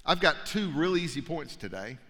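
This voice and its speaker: A man preaching a sermon, telling a story with animated energy and stumbling repeats. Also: a little high, moderate pace. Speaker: pastor. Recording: long hall reverb.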